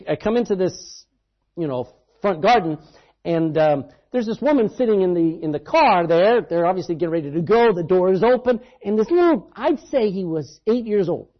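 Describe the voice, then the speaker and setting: In a dull, lo-fi recording, a high-voiced man preaches a sermon. He tells stories with emphasis, swinging from loud outbursts to hushed asides.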